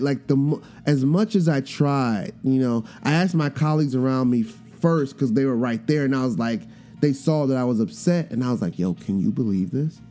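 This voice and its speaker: A man's voice: medium pitch, warm tone. A man hosting a podcast, telling a personal story in a casual monologue and acting out the voices of the people in it. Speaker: podcast host.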